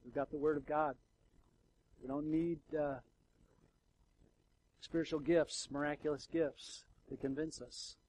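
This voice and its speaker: A middle-aged man delivering a sermon, his voice sitting somewhat high for a man. He talks to the congregation in a loose, conversational way, with fillers and restarts. His volume swings widely, from a hushed murmur to loud, emotional outbursts. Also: fairly even intonation, measured pace, long pauses, a little hiss or hum, rough recording. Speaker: pastor.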